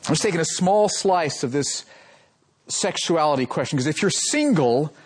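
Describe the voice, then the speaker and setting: A man in his role as pastor giving a sermon, calling out questions to his congregation and swinging between loud and soft. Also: on the high side, animated, moderate pace, slight background noise.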